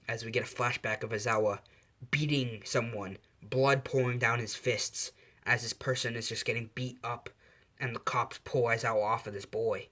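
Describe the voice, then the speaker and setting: A man's voice: medium pitch, fairly even intonation, moderate pace, sharp tone. A man casually narrating a fan story in a loose, unscripted way. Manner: loose, with fillers and restarts.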